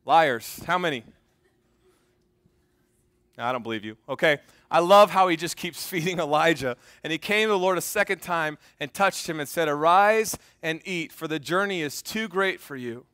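A man preaching a sermon to a congregation, reading scripture aloud and joking with the crowd in an animated way. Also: fairly high pitch, moderate pace, dry recording, studio quality. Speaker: pastor. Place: church.

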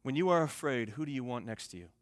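A young man preaching a sermon, telling a story and swinging between soft, quiet passages and loud, emphatic ones. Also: medium pitch, expressive, quick pace, no room sound. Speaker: pastor.

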